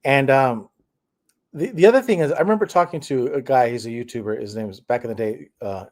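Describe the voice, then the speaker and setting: A man's voice: medium pitch, fairly quick, a little mellow. A man hosting a streamed talk show, talking in a rambling way with frequent restarts. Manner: rambling, with many restarts and fillers. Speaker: host. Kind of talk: casual discussion.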